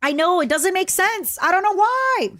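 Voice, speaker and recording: A young woman with a Canadian accent chatting casually with her stream viewers, jokey and full of quick asides. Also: extremely high pitch, animated, fairly bright tone, no echo, clean studio sound. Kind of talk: casual livestream chat.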